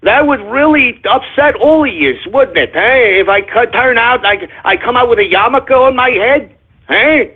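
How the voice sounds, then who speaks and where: A man's voice: extremely high pitch, expressive, normal speed, husky, full character voice. A man voicing a needling, kvetching man with a Yiddish-flavored lilt, heard over a tinny phone-like line. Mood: teasing.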